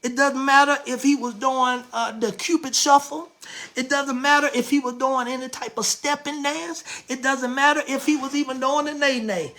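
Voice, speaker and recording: A woman preaching a sermon as bishop, animated and emphatic, repeating phrases, asking herself questions and breaking into shouts. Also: high-pitched, normal speed. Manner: playful rhetorical questions answered aloud.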